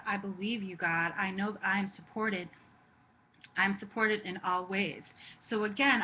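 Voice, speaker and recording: An American woman of middle pitch reads tarot cards to her camera, earnest and affirming as she repeats encouraging phrases. The home video audio is a little dull and has a faint hiss underneath. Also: bright, forceful tone. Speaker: tarot life coach. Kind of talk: weekly spiritual tarot reading to camera.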